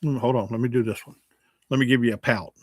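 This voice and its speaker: A man in his sixties, a longtime radio host, chats casually on a livestream, reading comments, joking and poking fun at himself. His voice is mid-range and steady, and he talks fast.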